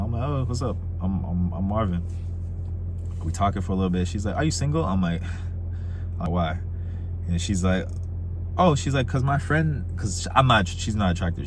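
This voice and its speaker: A young man telling dating stories in a casual, animated way, acting out the quoted voices. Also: slight background noise. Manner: animated, acts out quoted voices with big pitch jumps. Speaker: dating advice vlogger. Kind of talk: casual storytelling monologue.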